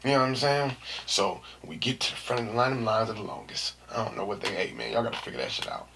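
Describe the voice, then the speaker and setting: Hosting his own podcast, a man tells a story in a casual, slangy, animated way, acting out the quotes and even screaming. His medium-pitched voice is fast and creaky, with a little hiss or hum in the recording.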